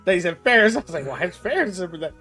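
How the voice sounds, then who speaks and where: A man in his thirties, host of a casual chat show, talking loosely and getting loud and worked up when he rants. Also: high-pitched, rapid-fire, faint music behind. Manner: animated, gets loud and excited when ranting. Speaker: podcast host.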